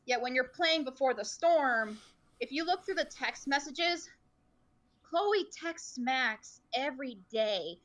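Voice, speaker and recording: A woman talking in a casual podcast chat with a bright, forceful voice set a little high. She sounds earnest and emotional and rambles with plenty of fillers. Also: lively intonation, slow. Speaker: podcast guest, streamer.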